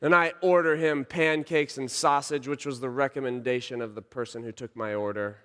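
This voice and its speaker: A man in his thirties preaching a sermon, telling a story and swinging from hushed lines to shouts. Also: medium pitch, steady tone, normal speed. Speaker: pastor. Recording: long reverb of a large hall.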